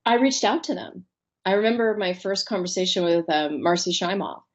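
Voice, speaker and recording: A woman's voice: medium pitch, moderate pace, muffled recording. A woman life coach and author, telling stories in a podcast interview and acting out the voices of the people she quotes. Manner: animated storyteller, acts out quoted voices.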